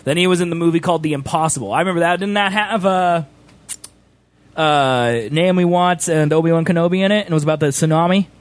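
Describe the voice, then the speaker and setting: A man's voice: fairly high pitch, fast. A man hosting a stream, chatting casually and teasing his friend, talking over him. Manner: animated, teasing, talks over others. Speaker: streamer host. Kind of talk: casual chat.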